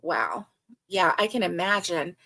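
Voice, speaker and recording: A woman's voice: on the low side, sing-song, unhurried, vocal fry. An older woman hosting a casual livestream chat, reading viewer comments aloud and talking with many fillers. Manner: chatty, warm, with many fillers. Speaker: livestream host.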